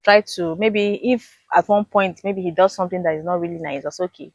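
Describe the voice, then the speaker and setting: Wife explaining calmly, dry close sound. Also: female voice, fairly low pitch, fairly quick, no echo. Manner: explains patiently, acts out dialogue. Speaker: interviewed wife. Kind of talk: casual interview chat.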